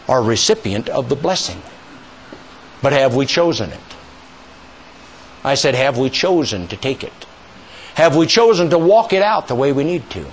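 A male preacher delivering a sermon in a fairly high voice that swings widely in pitch. He speaks emphatically, pushing up toward near-shouts, and leads call-and-response with the congregation.

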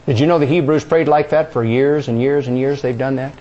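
A male preacher giving a sermon, questioning the congregation and drawing answers, dropping soft and low on key words. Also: fairly even intonation, a little fast, dull audio.

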